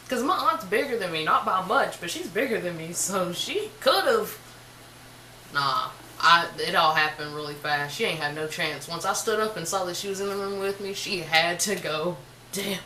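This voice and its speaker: Bright, chatty young woman vlogger. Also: on the low side, roomy sound, slight background noise, poor audio. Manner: chatty, animated, slangy storyteller. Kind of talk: casual storytime.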